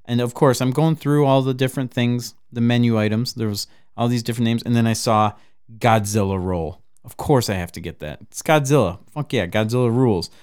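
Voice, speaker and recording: A man hosting a podcast in loose, profane casual chat, laughing often and bursting with excitement. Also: medium pitch, a little fast, clean tone. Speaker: podcast host.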